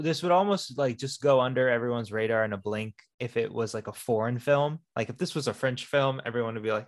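Man rambling through movie chat. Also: mid-range voice. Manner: rambling, swears, tells anecdotes. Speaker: podcast co-host. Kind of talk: casual movie discussion.

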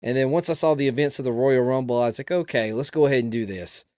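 A man's voice: mid-range voice, a little mellow, dry recording, studio quality. A man with a Southern American accent chatting as a podcast co-host, often restarting and repeating words. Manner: halting, repeats words as he talks. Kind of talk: casual chat.

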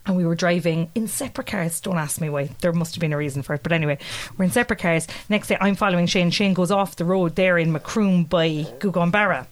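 A woman's voice: fairly low pitch, fast talker. Irish woman telling a story, laughing. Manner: animated, laughing often, mimics voices in quotes. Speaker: podcast co-host. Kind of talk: casual storytelling chat.

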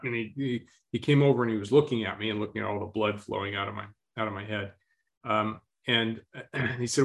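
Man, interview guest, storytelling, slow, calm, throat-clearing. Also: on the low side.

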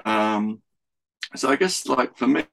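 A man's voice: mid-range voice, takes it slowly, vocal fry, a bit bright, rough recording. A man from London hosting a casual music podcast over a video call, rambling along with many ums. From London, England. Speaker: podcast host. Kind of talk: casual chat. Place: home in Surrey.

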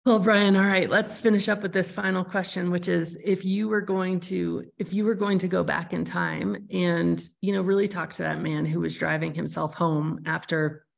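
A woman's voice: fairly low pitch, fairly even intonation, moderate pace, gravelly, hardly any pauses. A woman hosting a podcast interview, talking in a thoughtful, searching way with frequent restarts. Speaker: podcast host. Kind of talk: reflective conversational interview.

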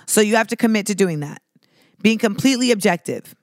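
A woman's voice: medium pitch, animated, brisk, darkish tone, no echo, clean studio sound. Candid, swearing woman podcast host. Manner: candid, profane, digressive, many "like" fillers. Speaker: podcast host answering listener questions. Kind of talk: casual advice talk.

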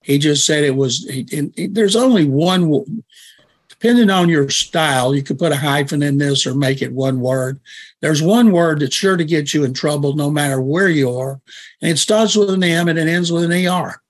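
Blunt, opinionated man, fairly high-voiced. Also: moderate pace. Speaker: football analyst guest and columnist. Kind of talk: sports talk radio discussion.

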